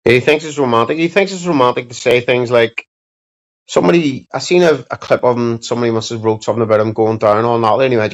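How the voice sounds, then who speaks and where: Talking fast at a medium pitch, this livestream host chats with his viewers in a loose, blunt, rambling way, swearing plenty. He's streaming from home, and the audio is dull and lo-fi.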